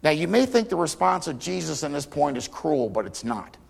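A man preaching a sermon, retelling scripture stories dramatically and voicing the people in them, swinging from loud cries to near whispers. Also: on the high side, very animated, normal speed, gravelly. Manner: dramatic storytelling, acting out quotes with big swings in volume.

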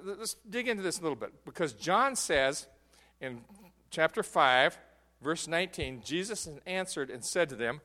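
A man's voice: fairly high pitch, animated, normal speed, sharp tone, in a large hall. A man preaching a sermon as pastor, earnest and emphatic, with fillers and restarts as he explains a passage.

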